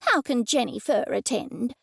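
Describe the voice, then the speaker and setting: A woman's voice: a little high, expressive, a little slow, vocal fry, a bit bright, breathy edge, dry recording, clean studio sound, full character voice. A woman reading a haughty, disdainful woman. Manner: disdainful, clipped.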